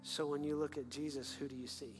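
A man preaching an earnest sermon as pastor, then leading a quiet prayer. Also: fairly high pitch, flat delivery, fairly quick. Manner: earnest, building to fervent then hushed prayer. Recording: long hall reverb with faint music.

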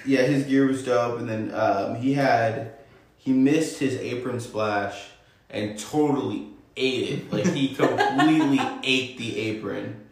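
A man's voice: medium pitch, unhurried. A man co-hosting a podcast, chatting casually and laid-back, with frequent ums and easy laughs. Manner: laid-back, says um often, laughs easily. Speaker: podcast co-host. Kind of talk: casual wrestling review chat. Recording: very echoey room.

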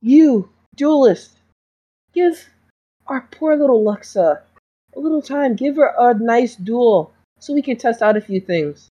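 A woman's voice: fairly high pitch, expressive, measured pace, mellow, muffled recording, pitched above the performer's own voice. A woman voicing a creepy, oily male doctor at a duel academy, syrupy and patronizing. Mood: oily, coaxing. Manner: syrupy, sing-song, patronizing.

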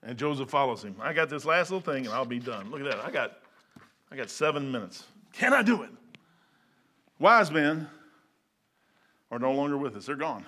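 A middle-aged man preaching a sermon, switching between loud excited bursts and low quiet asides. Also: moderate pace, long pauses, slightly rough.

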